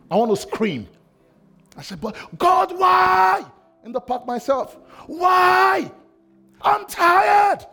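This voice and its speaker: A man preaching a sermon with passion, swinging between shouted lines and hushed, quiet ones. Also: high-pitched, slightly rough. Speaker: pastor.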